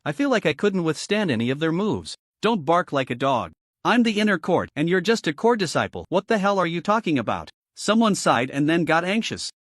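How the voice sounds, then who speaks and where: Animated male story narrator, dry sound. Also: on the high side, no echo.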